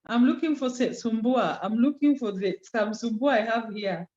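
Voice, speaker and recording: A woman's voice: on the high side, darkish tone, muffled recording. Woman lecturing over a video call. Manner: code-switches into Swahili, teasing students by name; slows down and stresses key terms. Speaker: communication skills lecturer. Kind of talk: online class lecture.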